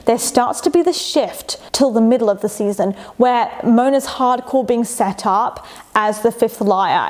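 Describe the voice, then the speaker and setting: A woman with a slightly high voice hosts a casual commentary vlog. She sounds chatty and opinionated and often stops to ask rhetorical questions. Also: darkish tone. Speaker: YouTube commentator.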